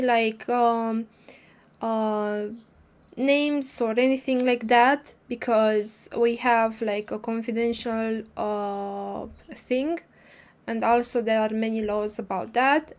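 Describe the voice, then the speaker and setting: A woman's voice: fairly high pitch, steady tone, takes it slowly. A woman hosting a casual livestream, talking hesitantly with many fillers and restarts while recovering from a cold. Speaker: livestream host. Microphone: streaming microphone.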